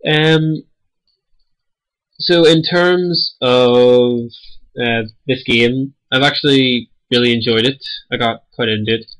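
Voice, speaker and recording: A young man talks casually over his gameplay, wandering from point to point with plenty of ums. His nose is blocked and his voice carries a slight rasp from a fading cold, sitting at a middling pitch. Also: fairly even intonation, takes it slowly, fairly bright tone, low-quality recording. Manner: rambling and hesitant, many ums. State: stuffy-nosed, slightly raspy from a cold. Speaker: gaming channel host.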